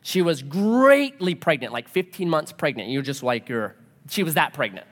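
A man's voice: on the high side, moderate pace. A man preaching a sermon, telling a personal story and acting out the dialogue. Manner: animated storytelling, acts out dialogue. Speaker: pastor.

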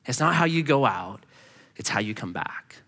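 In a sermon, a male pastor acts out the voices of people from a personal anecdote he tells with energy. His mid-range voice moves at a moderate pace, trailed by long reverb.

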